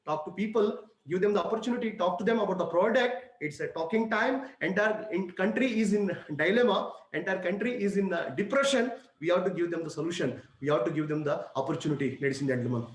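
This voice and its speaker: A man's voice: sits high, quick pace, few pauses, reverberant, rough recording. A man with an Indian English accent giving a preachy motivational speech, telling stories and repeating his points to the crowd. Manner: preachy, repetitive, addresses crowd as ladies and gentlemen. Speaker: motivational speaker.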